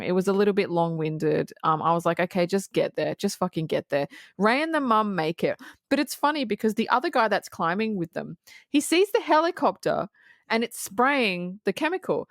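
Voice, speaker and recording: Animated, swearing woman podcast co-host. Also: medium pitch, dry recording, studio quality. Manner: animated, swears freely, retells scenes with quoted asides. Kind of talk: casual film review chat.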